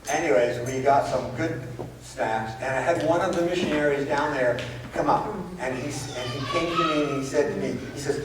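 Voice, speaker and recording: A man's voice: mid-range voice, moderate pace. A man preaching a sermon as a pastor, telling stories and asking the congregation rhetorical questions. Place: church sanctuary. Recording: very echoey church hall, far-off mic, background noise.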